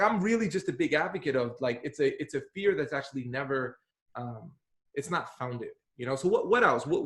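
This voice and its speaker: A man hosting a casual podcast chat, talking in an emphatic, animated way with casual slang. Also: on the high side, echoey room.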